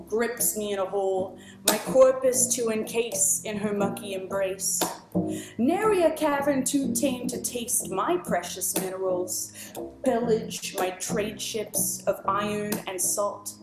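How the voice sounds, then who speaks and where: A woman performing poetry in a slow, theatrical, savoring delivery, recorded through earbuds. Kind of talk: poetry performance over bass. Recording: echoey room with loud bass music. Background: live bass guitar.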